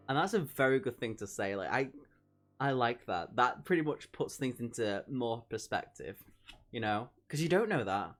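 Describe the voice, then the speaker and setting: A man's voice: mid-range voice, expressive, normal speed, a bit bright, soft background music. A man reviewing a horror novel in a vlog, reading passages aloud and reacting emphatically, from delight to disgust. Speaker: book reviewer.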